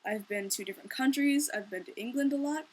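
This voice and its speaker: A woman's voice: high-pitched, a little fast, husky. A young woman from Minnesota chatting casually in a vlog, with a wry, joking, easygoing manner. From Minnesota, Twin Cities area. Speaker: vlogger. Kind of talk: casual unscripted vlog chat.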